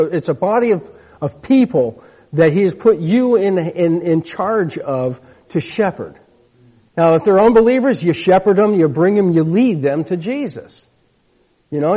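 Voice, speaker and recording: A man preaches a sermon in a fairly high, mellow and slightly husky voice. He talks conversationally, often restarting his sentences and calling on the congregation to repeat after him. The recording is dull and lo-fi, with a long reverb from the church hall.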